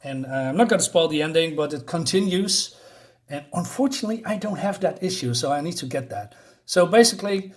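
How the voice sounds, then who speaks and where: A man's voice: on the high side, animated, brisk. A man giving a casual, rambling comic book review on his channel, with lots of fillers and restarts.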